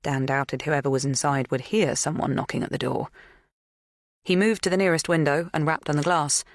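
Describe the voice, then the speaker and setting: An audiobook narrator reading a thriller in an even, measured way. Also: mid-range voice, vocal fry, no echo, studio quality.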